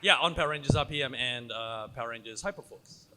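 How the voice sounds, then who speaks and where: A man on a convention panel introducing himself in a hesitant, halting way. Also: medium pitch, over a noisy crowd, heavy background noise. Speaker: panel guest, former actor. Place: convention hall stage. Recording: off-mic in a loud crowded hall.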